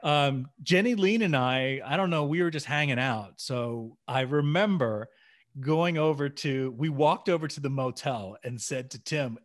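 A man co-hosting a podcast, telling a story in a casual, animated way, acting out dialogue and laughing along. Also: mid-range voice, measured pace. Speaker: podcast co-host.

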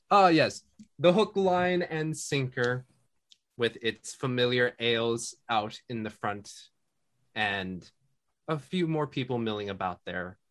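A man narrating a tabletop game as game master, relaxed and halting. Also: mid-range voice.

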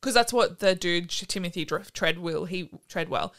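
A woman's voice: fairly low pitch, moderate pace, fairly bright tone. A woman hosting a podcast, chatting casually and telling a story, swearing freely. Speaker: podcast host.

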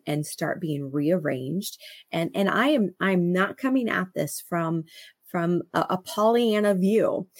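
A woman's voice: fairly low pitch, breathy edge, dry recording. Earnest middle-aged woman, dry close sound. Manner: earnest, frequent restarts and stammers, laughs often. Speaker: podcast co-host. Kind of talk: reflective conversational talk.

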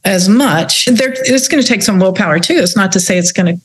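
A woman's voice: mid-range voice, a little fast, slightly rough. A woman talking as a health practitioner in a casual interview, earnest and sharing stories of her patients. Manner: earnest, tells patient stories, laughs lightly.

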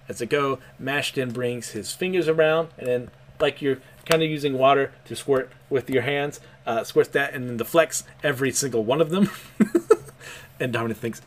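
A young man casually recapping manga chapters, animated and hesitant, with frequent chuckles and fillers. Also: medium pitch, normal speed, slight background noise. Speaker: manga reviewer.

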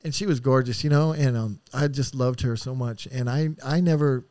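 A middle-aged man, a podcast guest, telling a painful personal story in a raw, profane and heartfelt way, with sighs and halting restarts. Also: mid-range voice, darkish tone, no room sound, clean studio sound.

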